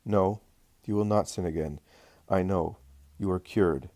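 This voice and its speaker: Male reader playing a calm, loving teacher, low and measured, close and dry. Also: dry recording. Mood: soothing.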